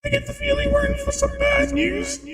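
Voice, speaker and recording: Brief: ghostly young woman, put on by a man, squeaky wavering falsetto, far up in the register. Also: monotone, moderate pace, creaky, fairly bright tone, long reverb tail, exaggerated voice. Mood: ominous.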